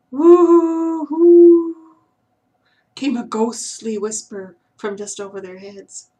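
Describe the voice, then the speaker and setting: A woman reading a children's story aloud in a gentle, expressive way. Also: a little high.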